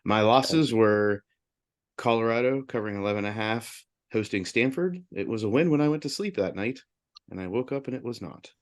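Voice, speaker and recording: Lower-pitched man recapping bets. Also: animated. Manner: upbeat, lists picks in quick bursts. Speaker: podcast co-host reading betting results. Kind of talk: casual sports betting chat.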